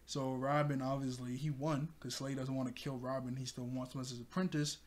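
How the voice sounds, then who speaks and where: A man casually recapping a cartoon episode for his channel, excitable, laughing often and breaking into loud exclamations. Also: medium pitch, fairly quick, slight background noise.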